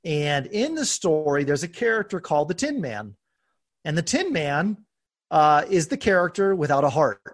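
A man hosting a podcast, talking earnestly and openly about his own life, with bursts of laughter and animated emphasis. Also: on the high side, moderate pace. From United States. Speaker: podcast host. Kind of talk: conversational podcast talk.

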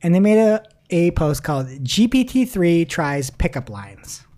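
A woman's voice: fairly low pitch, very animated, unhurried, dark tone. A woman host in casual chat, reading articles aloud with a wry, giggly manner. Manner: giggly, wry, laughs mid-sentence. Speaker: podcast host.

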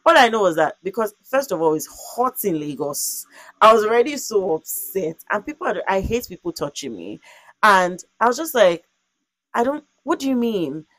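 A young woman recounts a story in relaxed conversation, her delivery animated and expressive as she acts out the voices of the people involved. She peppers her talk with fillers, and her voice sits at a middle pitch in a dry, close recording. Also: moderate pace, dry recording. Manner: animated and expressive, with vivid acted-out quotes; frequent "like" fillers.

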